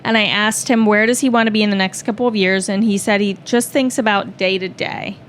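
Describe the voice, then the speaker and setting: A woman co-hosting a podcast, reading a story aloud at a steady pace with short asides. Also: medium pitch, a little fast, slight background noise.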